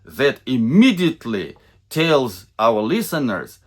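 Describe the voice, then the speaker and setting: Russian-accented male teacher, slow, animated intonation, modeling words aloud. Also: mid-range voice. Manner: slow, deliberate, repeats words to model sounds. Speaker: English pronunciation teacher. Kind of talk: video lesson.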